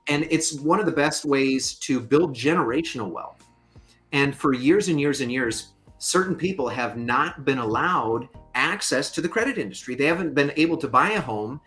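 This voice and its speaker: A man speaking as a guest on a podcast interview, mid-pitched and emphatic. He explains his points with conversational force and throws in the odd joking aside. Soft music sits faintly under his voice. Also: expressive, normal speed. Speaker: guest, fair lending consultant.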